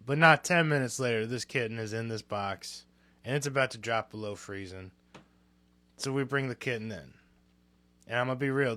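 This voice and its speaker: A man's voice: medium pitch, pushed and bright. A young man co-hosting a podcast, telling a story in casual chat, candid and swearing freely. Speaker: podcast co-host.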